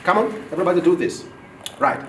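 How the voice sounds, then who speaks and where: Talking fast in a high voice, a man runs an animated business workshop, firing questions at the class and role-playing office conversations. The recording is distant and echoey, with crowd noise in the background.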